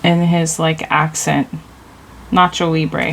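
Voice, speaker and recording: Slow, gravelly-voiced woman tarot reader. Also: on the low side, slight background noise, rough recording. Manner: loose and rambling, leaning on "like". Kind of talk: casual intuitive tarot reading.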